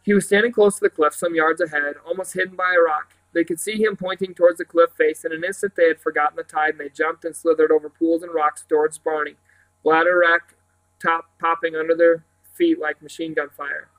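A man's voice: on the high side, little pitch movement, brisk, a bit bright, low-quality recording. Man reading a children's novel aloud. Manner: careful reading with occasional slips and restarts. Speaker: reader.

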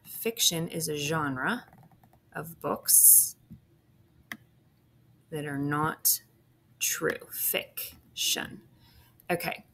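A low-voiced woman teacher with a gravelly edge works through a phonics worksheet. She speaks slowly and patiently, sounding out each syllable. There is a faint hiss behind her on a computer mic. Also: fairly bright tone. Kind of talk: phonics lesson walkthrough.

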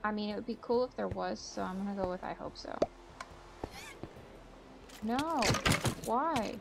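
Chatty woman with gravelly fry. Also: medium pitch, steady tone, quick pace, heavy background noise. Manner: chatty, self-mocking, thinks aloud while playing. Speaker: gaming channel host. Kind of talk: casual gameplay commentary. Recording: game music behind voice.

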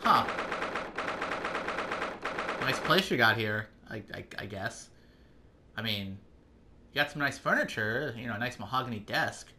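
A man's voice: medium pitch, animated, measured pace, pauses often, sharp tone, a little hiss or hum. Rambling casual let's-play man. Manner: rambling, profane, self-deprecating. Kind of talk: casual gameplay commentary. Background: game music.

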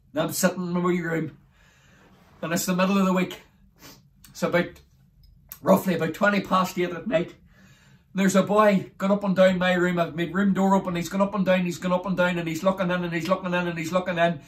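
A man's voice: high-pitched, level tone, brisk, distant mic. A man with a Derry accent from Northern Ireland, giving an emotional testimony sermon as an evangelist. He speaks fervently and rises to exclamations, sounding close to tears. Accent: Derry, Northern Irish.

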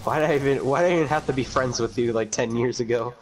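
A man's voice: mid-range voice, fast. A young man acting exasperated and mock-angry at a friend in a rowdy gaming voice chat. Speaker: gamer in voice chat. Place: voice chat from home.

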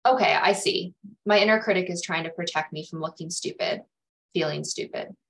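A woman's voice: lowish voice, brisk, creaky, a bit bright, rough recording. A woman career coach giving a webinar talk on self-talk, earnest, sometimes acting out anxious inner voices. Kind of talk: webinar presentation.

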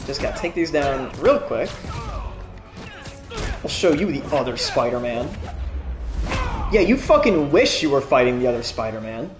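A young man streaming a video game, chatting casually, swearing often and laughing as he reacts loudly to the action. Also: mid-range voice, sing-song, normal speed, long pauses. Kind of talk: casual gameplay commentary. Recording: echoey room with game music.

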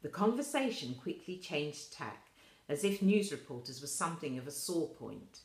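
Woman reading a storybook aloud, low and slow, echoey room. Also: very animated. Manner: slow, soft reading with quoted voices lifted higher. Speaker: reader of a children's novel. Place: school room.

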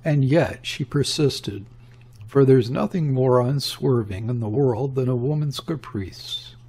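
A man reading a literary story aloud in a measured, deliberate narration. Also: medium pitch, mellow, husky. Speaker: audiobook reader.

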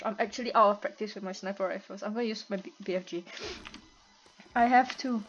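A woman with a stuffy nose and a cough, giving excitable, chatty gameplay commentary and laughing often. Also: medium pitch, fairly quick. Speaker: gamer and streamer. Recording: dull lo-fi home recording, faint noise.

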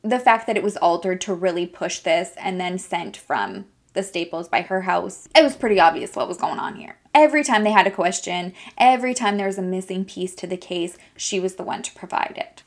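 Young woman gossiping through a true crime case, lively and a bit sarcastic. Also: fairly low pitch. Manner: animated, chatty, with sarcastic asides. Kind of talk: casual true crime narration.

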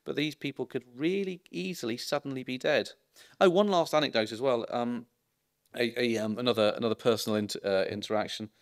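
A man's voice: medium pitch, a little fast. A middle-aged male doctor giving a public talk, telling anecdotes in a chatty way with ironic asides and frequent ums. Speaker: consultant geriatrician giving a public lecture. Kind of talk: informal public lecture.

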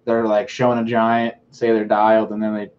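A man co-hosting a podcast in casual chat, excitably retelling stories. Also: fairly low pitch, brisk, highs cut off, slight background noise. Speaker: podcast co-host.

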